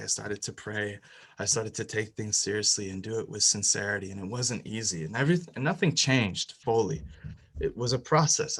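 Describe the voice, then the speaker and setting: A man's voice: fairly low pitch, poor audio. Young man telling an emotional faith testimony. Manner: emotional storytelling, rising and louder at the climax, many restarts. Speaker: speaker sharing a personal faith testimony. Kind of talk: personal testimony talk.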